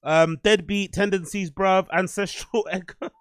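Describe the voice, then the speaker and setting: Casual host, raised voice, cursing, dry close sound. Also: male voice, high voice, steady tone, unhurried, clean tone, dry recording. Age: adult, "you get older". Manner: swearing, rambling, self-deprecating. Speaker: podcast host. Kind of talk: casual livestream chat.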